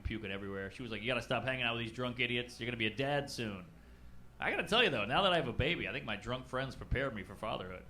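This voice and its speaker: A man's voice: medium pitch, background noise. A man in his forties doing a stand-up comedy set with a punchy, conversational, self-deprecating delivery. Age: 40s. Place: comedy club stage. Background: audience laughter.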